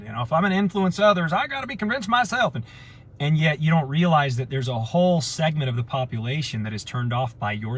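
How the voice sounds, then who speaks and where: A husky, slightly breathy man with a mid-range voice tells personal stories in a casual way. He acts out the people he quotes as he goes. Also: medium pitch, fairly bright tone. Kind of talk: casual storytelling talk.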